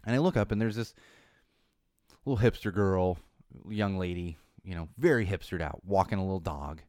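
A man's voice: low-pitched, normal speed, darkish tone, no echo, clean studio sound. A man hosting a podcast, rambling through a casual monologue that turns into an indignant rant. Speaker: podcast host. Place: Los Angeles.

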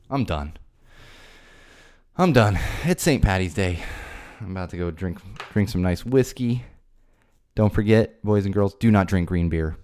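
A man hosting a solo podcast, ranting in an exasperated way, his voice climbing high when he gets worked up. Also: darkish tone. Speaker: podcast host. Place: home studio.

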